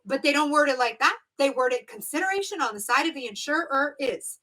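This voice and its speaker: A woman's voice: high voice, lively intonation, a little fast, sharp tone, rough recording. A woman exam prep instructor teaching a live-streamed review lesson, stressing key words and repeating them to drill the point. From United States.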